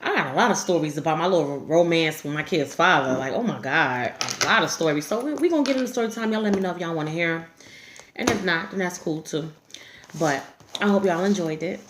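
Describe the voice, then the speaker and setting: A woman's voice: fairly low pitch, fast, slight background noise. A woman vlogger telling a story to camera in a frank, profane way, laughing often as she talks. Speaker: YouTube storyteller. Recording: echoey room.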